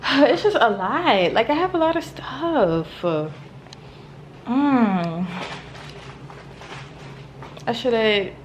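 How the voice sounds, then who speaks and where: A woman's voice: fairly high pitch, lively intonation, drawn-out words, pauses often. Chatty young woman vlogging, noisy background. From Maryland, US. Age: 20s. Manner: chatty and gushing, lots of "like" and "y'all". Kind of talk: casual vlog talk to camera. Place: home, then a car.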